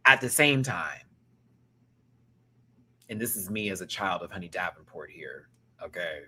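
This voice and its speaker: A man from the American South with a Southern accent, hosting a casual reaction review and talking in an animated, slangy way that is full of swearing. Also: lowish voice, normal speed, slightly rough. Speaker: reaction show host.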